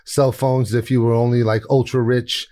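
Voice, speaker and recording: A man's voice: medium pitch, little pitch movement, moderate pace, mellow. A man, a chef guest telling stories in a casual, rambling interview, laughing often and restarting sentences. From New York.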